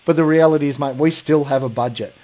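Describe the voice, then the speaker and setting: A man in his forties with an Australian accent co-hosts a podcast, his voice slightly high, dark in tone, and quick, on audio that sounds dull. The chat is casual, blunt, and full of swearing, and he calls people mate and brother.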